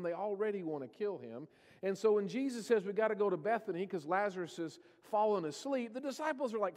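A man with a high voice preaches a sermon in a church. The sound carries a long reverb from the hall around him. He tells scripture stories and slips into the voices of the people in them. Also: darkish tone. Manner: storytelling, acting out quoted voices. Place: church sanctuary.

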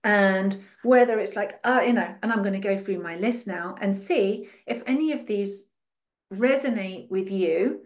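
A woman delivering a spiritual teaching talk at a mid pitch. She piles up rhetorical questions and plays out the worries of the people she describes. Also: a little slow. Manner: dramatizes and acts out other people's voices.

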